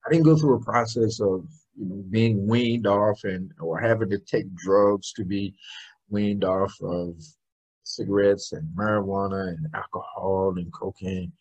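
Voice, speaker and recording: A man's voice: low-pitched, fairly even intonation, a little slow, a little mellow, lo-fi sound. A middle-aged man, a motivational speaker, telling his personal story in an interview in an emphatic, earnest way.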